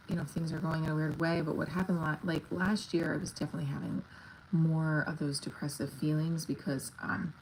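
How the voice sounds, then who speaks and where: A woman's voice: sits low, a little mellow, slight background noise, low-quality recording. A woman comedian chatting casually on a livestream, rambling with lots of fillers and talking to her viewers.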